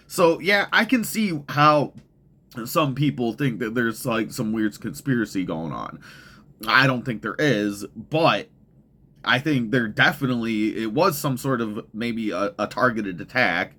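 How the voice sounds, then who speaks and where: A man's voice: medium pitch, animated, measured pace, bright, forceful tone. A young man hosting a podcast, ranting in heated, profane, rambling commentary full of restarts. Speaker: podcast host.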